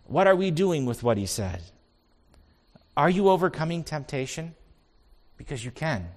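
A man's voice: a little high, sing-song, moderate pace. A man pastor delivering an earnest sermon, telling stories and building to emphatic points. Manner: earnest, storytelling preacher with rising emphasis.

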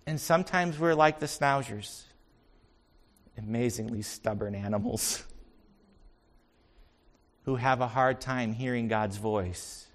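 A man's voice: medium pitch, slow, pauses often. A man pastor delivering an earnest sermon, telling stories and building to emphatic points. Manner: earnest, storytelling preacher with rising emphasis.

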